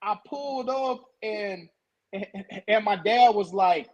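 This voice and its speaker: A young man telling a story in casual talk, animated, stuttering and repeating words. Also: sits high, takes it slowly, dull audio.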